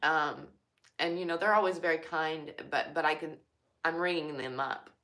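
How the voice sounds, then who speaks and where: A young woman talks casually and openly about her work as a cashier, leaning on fillers like "like" and "you know." Her voice is bright and forceful, set a little on the low side. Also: normal speed. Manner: chatty, filler-heavy, heartfelt. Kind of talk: casual personal talk.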